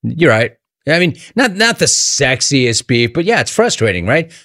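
A man hosting a radio call-in show, riffing sarcastically between callers with animated banter. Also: mid-range voice, normal speed, no room sound, clean studio sound.

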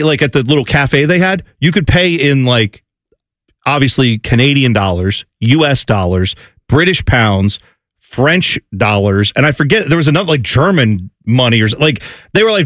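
A man's voice: medium pitch, lively intonation, normal speed, fairly bright tone, no echo. A man co-hosting a sports talk radio show, rambling through casual anecdotes and banter at a studio microphone. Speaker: radio co-host.

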